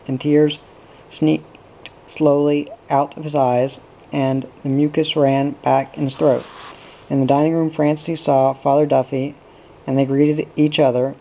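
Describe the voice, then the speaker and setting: A man reads a novel aloud in a steady, unhurried way. His voice is low, dark and gravelly, and his pitch stays flat. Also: poor audio. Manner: steady, even reading. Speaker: audiobook reader. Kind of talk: novel narration.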